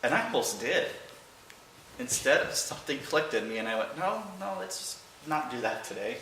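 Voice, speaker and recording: A man giving an emotional personal remembrance of his late father to a church congregation, halting at times but with wry humor. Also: medium pitch, big pitch swings, sharp tone, recorded from a distance, slight background noise. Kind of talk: personal storytelling speech. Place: large church hall. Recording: echoey hall, picked up from afar.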